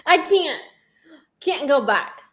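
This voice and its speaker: A woman from Central Vietnam with a Vietnamese accent, hosting a casual livestream chat, bubbly and quick to laugh. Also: sits high, lively intonation, a bit bright. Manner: bubbly, laughs often, reads donation questions. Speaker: livestream host.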